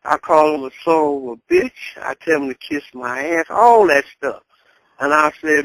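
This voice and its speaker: A woman's voice: fairly low pitch, big pitch swings, takes it slowly, vocal fry, pauses often, a bit bright, no echo, poor audio. An older grandmother telling her story in a blunt, candid way and chuckling as she talks. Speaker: interviewee. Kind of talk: casual storytelling.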